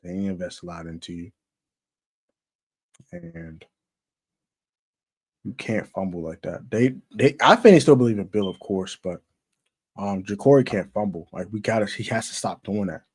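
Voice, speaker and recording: A man ranting about football in casual slang, emphatic and repetitive. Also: mid-range voice. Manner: emphatic, repetitive, gets louder as he goes. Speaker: sports commentator. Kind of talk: casual sports rant.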